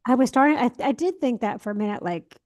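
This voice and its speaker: Young woman podcast host, kinda high voice, rambly storyteller doing everyone's lines. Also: animated, fast, darkish tone. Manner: chatty storyteller, acts out quoted lines. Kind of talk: casual chat.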